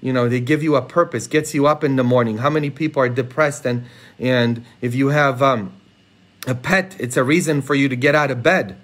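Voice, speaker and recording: A man's voice: mid-range voice, a little fast, a bit bright. A man, a priest, giving a chatty homily on a live stream, playfully talking straight to viewers and laughing at his own jokes. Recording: live social media stream.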